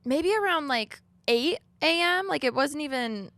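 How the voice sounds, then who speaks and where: A young woman co-hosting a podcast, telling a story in casual chat and acting out text messages in a lively, higher voice. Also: unhurried, no room sound. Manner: animated storytelling, acts out texts in a high voice. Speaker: podcast co-host.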